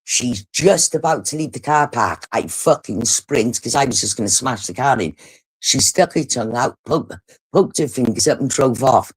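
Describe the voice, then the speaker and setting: A woman's voice: rumbling low, moderate pace, slightly rough. A middle-aged woman from the UK, hosting a livestream and telling a story bluntly, swearing heavily. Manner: blunt, heavy swearing, animated retelling. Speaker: livestream host. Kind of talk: casual storytelling.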